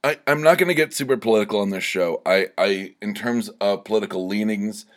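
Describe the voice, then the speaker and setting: A young man runs his own podcast solo, his voice lowish and brisk. Slightly tipsy from a few shots, he rambles and swears through a casual monologue, stammering as he gets worked up.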